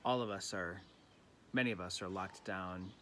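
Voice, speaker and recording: A man giving a gentle, reflective evening prayer reflection as a pastor, recorded at home during lockdown. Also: deep voice, moderate pace, slight background noise.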